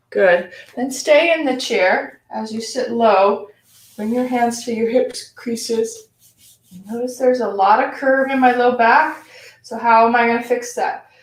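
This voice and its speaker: A woman guides a yoga class in a slightly high voice at an unhurried pace, a little out of breath as she demonstrates. She sighs between cues. The sound is roomy and distant, picked up by a camera mic some way off. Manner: slow, calm cueing with audible sighs. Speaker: yoga instructor. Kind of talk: live-streamed yoga class instruction. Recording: echoey room, voice from far off.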